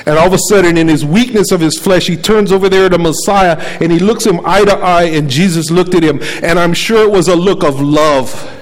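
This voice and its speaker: A man's voice: sits high, brisk, hardly any pauses, low-quality recording. Preaching man retelling a story. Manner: dramatic retelling with quoted voices; asks the congregation questions. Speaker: pastor.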